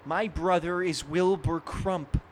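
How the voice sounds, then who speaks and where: A meek jealous gas station kid, highish voice, weary, comedy audio play. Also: male voice, steady tone, slow, slight background noise, rough recording. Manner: meek and weary, turning bitter. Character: young man, mopping gas attendant, jealous of his brother.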